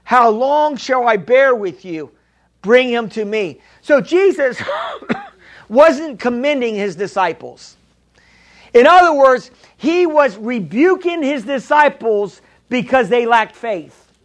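A man's voice: very high-pitched, lively intonation, slow. A man preaching a sermon as pastor, emphatic and repetitive, calling out to the congregation. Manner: emphatic preaching, repeats key lines, calls to congregation.

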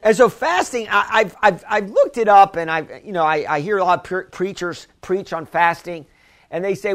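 A man with a notably high voice preaches a sermon to his congregation. He talks in a loose, conversational way, full of restarts and asides, and builds toward emphatic calls to the church. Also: sing-song, fairly quick, a bit bright. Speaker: pastor.

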